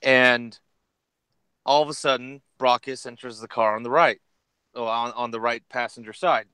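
A man telling a comedy story in a loose, rambling way, now and then jumping into high, excited voices for the people in his tale. The recording is close and very dry, with no room sound at all. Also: moderate pace, smooth, dry recording. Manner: animated, jumps into high voices for quoted characters. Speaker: podcast co-host. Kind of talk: casual storytelling chat.

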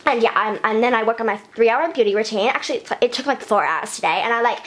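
A woman's voice: on the high side, fast, a bit bright, natural voice. A woman voicing a vain, ditzy female fashion doll, rambling in breathless valley-girl chatter in a hyper improvised vlog. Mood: gossipy. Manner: rambling and scatterbrained. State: breathless from talking fast. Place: bedroom at night.

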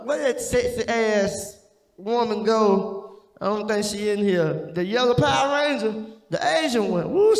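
A man doing a stand-up set on a small club stage, profane and often laughing at his own jokes. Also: sits high. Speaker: stand-up comedian. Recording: echoey room, long reverb.

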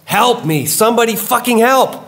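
A man's voice: very high voice, animated, moderate pace, a bit bright, pitched above the performer's own voice, heavily acted. A man voicing an eerie disembodied voice that poses as a girl, crying out for help in desperate shrieks. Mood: pleading, shrieking. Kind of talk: dramatic story reading.

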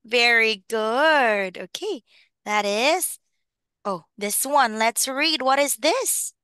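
A woman teaching a young child phonics in an online lesson, encouraging and clearly enunciated. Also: a little high, animated, slow pace, bright, forceful tone, no room sound, studio quality. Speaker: English teacher.

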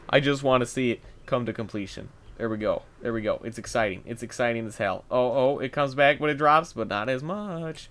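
A young man giving casual gameplay commentary, thinking aloud, getting excitable and swearing as he works. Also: medium pitch, moderate pace. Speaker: gameplay video host.

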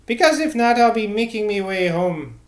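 A man's voice: sits high, lively intonation, moderate pace, voice pushed up. A man voicing a gossiping old village woman with a rustic dialect, shocked at what she overheard. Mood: eager. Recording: echoey room.

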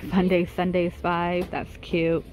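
A woman's voice: on the low side, completely flat delivery, slow pace, darkish tone. A woman vlogging a casual shopping walkthrough in a big store, chatting about prices and gushing over cute items as she films on her phone. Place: inside a large retail store.

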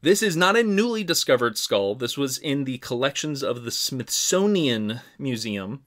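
A man co-hosting a casual science podcast at a middling pitch. He explains things in a relaxed, easygoing way and sometimes restarts his sentences. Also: normal speed. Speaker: podcast co-host.

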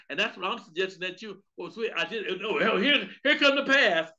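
Bright-voiced, animated male preacher. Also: high voice, fairly quick, few pauses, lo-fi sound. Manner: animated, comedic storytelling with outbursts. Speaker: pastor. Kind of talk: sermon at an online Bible study.

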